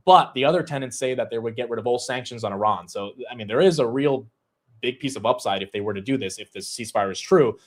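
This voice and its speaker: A man hosting a livestream, giving casual, energetic market commentary with many fillers. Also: medium pitch, fast talker. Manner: conversational, energetic, fillers like "you know". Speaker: stock market show host.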